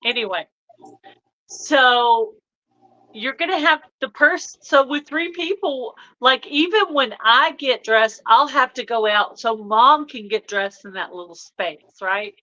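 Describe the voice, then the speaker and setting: A woman hosts a casual live chat, her voice bright and pushed, with a fairly high pitch. She rambles at an unhurried pace with plenty of fillers. The audio is dull and lo-fi. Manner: chatty, rambling, with frequent laughs and fillers. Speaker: livestream host.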